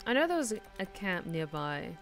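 A woman's voice: medium pitch, very animated, a little fast, soft background music. A woman streaming a video game, chatting casually with her viewers and swearing freely as she plays. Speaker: streamer and hobby voice actor. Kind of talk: casual live-stream chat while gaming.

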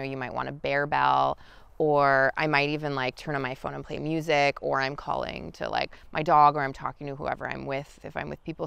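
A woman guiding an outdoor lesson in the forest, talking in a relaxed, chatty way with many fillers. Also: sits low, gravelly, smooth, dry recording. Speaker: wild food guide. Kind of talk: outdoor teaching talk.

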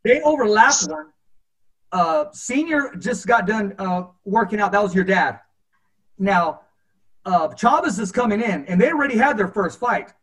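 A man hosting a boxing talk show, reading a listener's memory and telling a story from ringside with animated acted-out quotes. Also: sits high, moderate pace. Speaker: podcast host. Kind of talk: storytelling in casual interview.

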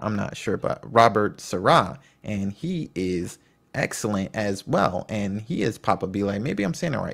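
A man's voice: lowish voice, gravelly. A man hosting a history video, reading from his notes and breaking off into chatty, enthusiastic comments, sometimes tripping over names. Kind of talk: reading notes with off-the-cuff asides.

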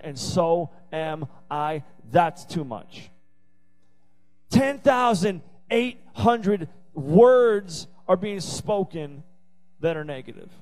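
A man's voice: a little high, a little mellow, rough recording. A man preaching a youth sermon, emphatic and repetitive, with playful asides. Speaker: youth pastor. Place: youth service venue.

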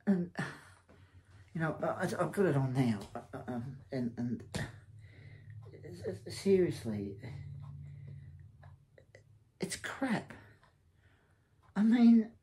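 Male reviewer, blunt and rambling, with a dark, mellow tone. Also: on the high side, sing-song, drawn-out words, pauses often. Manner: rambling, hesitant, blunt and scornful. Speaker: TV series reviewer. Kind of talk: casual spoken review.

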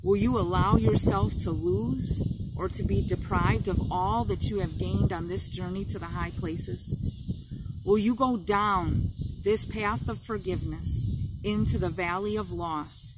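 A woman reading an audiobook voices a strong, cheerful male shepherd who speaks with calm reassurance. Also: mid-range voice, unhurried, very noisy, natural voice. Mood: reassuring.

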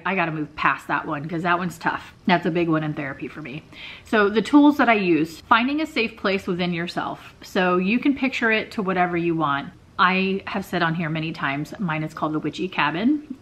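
A woman's voice: on the low side, fairly bright tone, slight background noise. A woman vlogger talking candidly to camera in a conversational, personal way.

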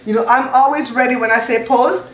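Her voice is a little high and steady in tone, and she speaks briskly over a noisy background. She's a woman in her fifties from Belize hosting a home cooking show, chatting casually and teasing with a playful laugh in an echoey home kitchen.

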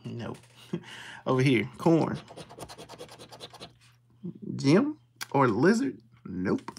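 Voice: medium pitch, huge pitch swings, extremely slow, creaky, a little mellow, husky. A livestream host, casually reading out symbols one by one and greeting viewers in the chat.

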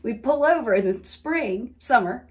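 A woman's voice: a little high, animated, moderate pace. A woman with a Southern American accent leading a playful laughter session, breaking into laughter often. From Southern United States. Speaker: laughter practice leader.

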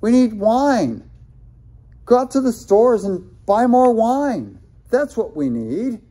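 A man's voice: extremely high pitch, big pitch swings, slow, dark tone, husky, voice pushed up, full character voice. A man voicing a scornful wedding guest who needles the servants with incredulous questions. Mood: mocking.

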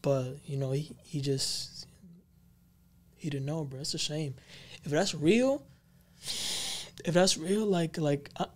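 A man's voice: a little high, takes it slowly, pauses often. A man co-hosting a paranormal podcast, telling a creepy story in a rambling, slangy way with many fillers. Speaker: podcast co-host.

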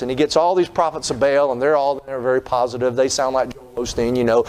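A man's voice: medium pitch, steady tone, fast, hardly any pauses, darkish tone. A man preaching a sermon, retelling scripture in folksy terms and putting on voices for its people. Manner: folksy storytelling, acting out the people in his stories. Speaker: pastor.

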